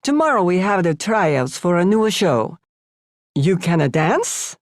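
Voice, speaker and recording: A woman voicing a middle-aged Italian man with an Italian accent who speaks calm, broken English. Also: lowish voice, slow, dry recording, clean studio sound. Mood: reassuring.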